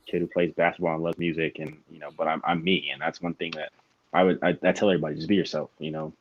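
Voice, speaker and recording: A man's voice: sits low, quick pace, creaky. A young man, a college student guest, talking earnestly with lots of "like" and "you know" over a dull call line. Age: young adult. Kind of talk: casual chat. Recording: dull dry lo-fi call audio.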